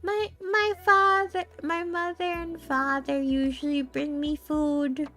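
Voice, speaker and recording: A woman voicing a tiny, starving baby mouse that stammers and pleads in a squeaky, very high voice. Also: level tone, slow, sharp tone, soft background music, full character voice. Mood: pitiful.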